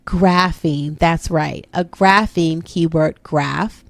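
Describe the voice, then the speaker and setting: Slow, patient homeschool mom teaching phonics. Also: female voice, deep voice, fairly even intonation, gravelly, no room sound. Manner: slow, patient, explaining step by step. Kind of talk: phonics lesson for her children.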